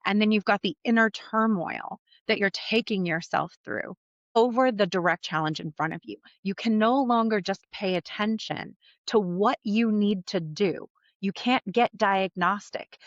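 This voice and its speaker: A woman with a somewhat low, fairly bright voice hosts her own podcast as a coach, delivering a solo monologue. She talks candidly and conversationally, swearing casually. The recording is dry and the audio dull.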